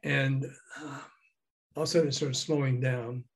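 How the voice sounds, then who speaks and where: Older man spinning animated anecdotes. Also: mid-range voice, normal speed, breathy edge. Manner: animated anecdotes, acting out quoted dialogue; chuckles while telling. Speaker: guest, former record promotion man. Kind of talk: casual storytelling interview.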